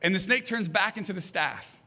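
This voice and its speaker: Bright-voiced pastor preaching with humor. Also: male voice, sits high, normal speed. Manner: humorous storytelling, acting out voices. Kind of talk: sermon. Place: church stage.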